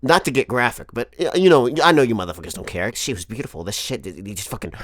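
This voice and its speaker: A man in his twenties telling a comic story to camera as a vlogger, animated and profane, often laughing. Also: mid-range voice, fast talker, slight background noise. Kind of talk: comedic storytelling monologue.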